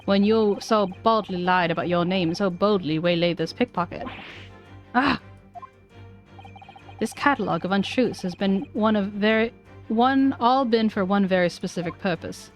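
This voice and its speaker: A woman's voice: medium pitch, normal speed, soft background music, natural voice. A woman doing a theatrical male detective. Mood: accusing. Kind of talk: reading game dialogue aloud.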